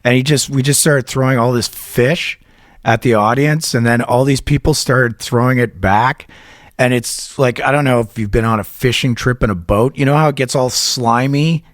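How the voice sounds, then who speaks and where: A podcast host with a medium-pitched voice and moderate pace runs a casual talk show, rambling through crude anecdotes, laughing at his own stories and mimicking voices. The audio is studio quality with no echo.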